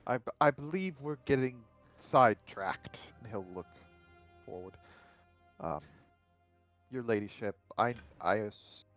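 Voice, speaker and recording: A man playing in a tabletop game, speaking in character with polite, measured phrasing. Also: medium pitch, animated, fairly bright tone, highs cut off, soft background music. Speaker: player. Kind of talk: tabletop role-play, in and out of character.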